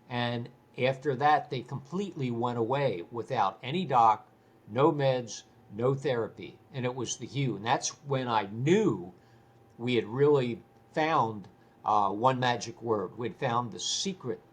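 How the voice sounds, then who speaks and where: An older man, a guest on an interview show, telling stories in a lively, casual way. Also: mid-range voice, breathy edge. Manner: animated, repeats words while telling stories.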